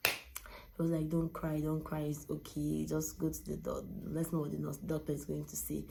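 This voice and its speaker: Young woman, low pitched, a bit of fry, emotional first-person storytelling. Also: little pitch movement, moderate pace, background noise. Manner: candid, emotional, retelling with quoted dialogue. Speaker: vlogger.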